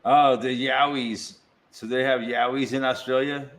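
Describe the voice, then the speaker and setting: A man's voice: medium pitch, flat delivery, unhurried, a bit bright. A man hosting a casual podcast chat, laid-back, laughing often and swearing casually. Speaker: podcast host.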